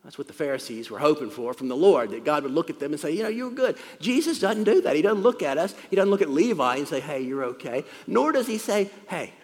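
Man preaching in a church hall, animated pitch, talks things through plainly. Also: fast talker, hardly any pauses. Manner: conversational, explains and repeats points. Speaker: pastor. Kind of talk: sermon. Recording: long reverb in a hall.

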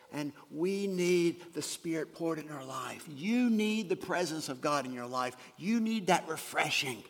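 Man as earnest pastor, slightly high voice, sermon delivery with loud emphasis and quiet drops, long hall reverb.

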